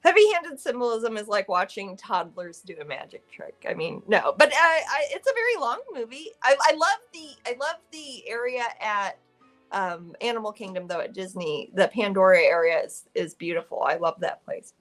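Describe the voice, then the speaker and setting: A middle-aged woman chatting casually with her co-host and viewers during a live art stream, playful and quick with jokes. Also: medium pitch, lively intonation, faint music behind. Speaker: artist streaming on Twitch. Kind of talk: casual chat while painting on stream.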